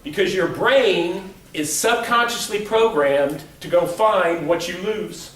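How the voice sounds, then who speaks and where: A man's voice: high voice, slow pace, a bit bright. A middle-aged man giving a humorous motivational keynote to a live audience, telling playful stories and acting out quotes. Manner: joking, playful storytelling with acted-out quotes. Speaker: motivational speaker. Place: large hall before a live audience. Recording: echoey hall from far off.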